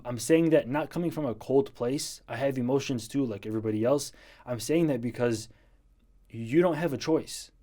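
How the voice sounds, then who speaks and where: Blunt, mellow-voiced man giving advice. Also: medium pitch. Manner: blunt, tells it like it is; earnest, repeats points for emphasis. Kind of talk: direct advice to a viewer.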